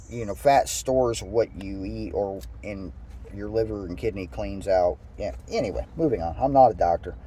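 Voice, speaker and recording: Male reader, very dark and a bit husky; casual scripture reading, trips on words, adds asides. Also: medium pitch. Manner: reads aloud with stumbles and asides. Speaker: Bible reader.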